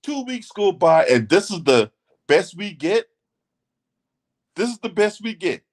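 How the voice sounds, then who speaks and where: A man delivers a heated commentary on his own channel in a high voice. His pitch swings widely as he presses his points. He swears freely and repeats lines for emphasis. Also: sing-song, a little slow, pauses often. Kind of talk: ranting commentary.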